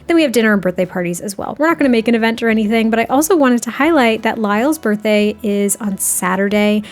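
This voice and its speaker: A young woman chatting through casual game commentary, laughing often and breaking into excited outbursts. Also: on the high side, fast talker. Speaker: gameplay commentator.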